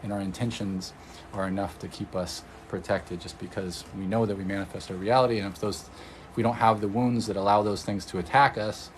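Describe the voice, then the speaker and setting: A man's voice: sits low, slight background noise, rough recording. A man from Oregon, an energy healer, chatting casually on a livestream, rambling and answering viewer comments. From Oregon, USA.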